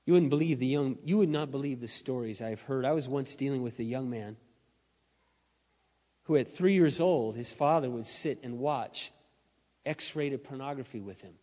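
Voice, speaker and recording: A man preaching a sermon in a church, telling stories and building to loud, emphatic peaks. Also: medium pitch, normal speed. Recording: dull sound with long hall reverb.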